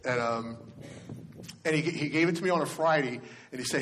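A man's voice: fairly high pitch, a little fast, a bit bright, a little hiss or hum. A male pastor giving a sermon in a conversational storytelling way, often restarting his sentences.

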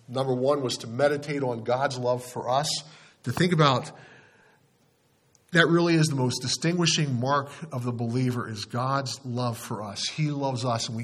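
A man leading a Bible study sermon, speaking plainly and earnestly, with frequent fillers and restarts. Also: medium pitch. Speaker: pastor.

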